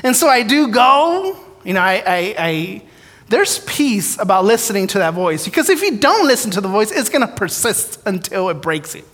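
With a sing-song, high, slightly bright voice at normal speed, a preacher shares his testimony in a church sanctuary, the long echo of a large hall around him. The sermon is told as a candid, self-deprecating story, its prayers and dialogue acted out.

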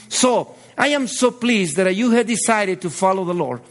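A man's voice: high-pitched, lively intonation, normal speed, few pauses, a bit bright. A middle-aged man whose first language is Spanish, preaching a sermon with passion and repeating his phrases as he builds to exhortation. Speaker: pastor.

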